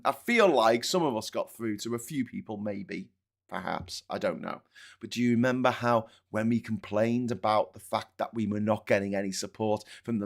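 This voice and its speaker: A man's voice: fairly low pitch, creaky. A man hosting a live political commentary stream, sarcastic and profane, slipping into mocking voices. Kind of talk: sweary live-stream rant.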